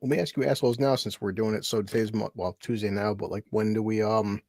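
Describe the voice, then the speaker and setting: A man in a casual chat with friends, talking in a laid-back, halting way. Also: lowish voice, steady tone, a little mellow, no room sound, studio quality.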